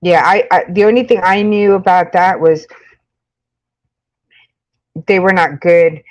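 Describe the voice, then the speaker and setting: A woman's voice: on the low side, fairly even intonation, a little slow, lo-fi sound. A woman with a New York accent chatting casually with live-stream viewers, rambling with lots of fillers and frequent laughs. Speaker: makeup channel host.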